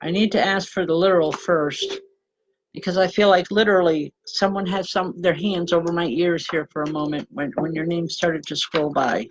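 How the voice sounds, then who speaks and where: A woman working as a spiritual medium, giving live readings and passing on messages in an earnest, gentle, halting way. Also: on the low side, steady tone, poor audio. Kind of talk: live online psychic readings.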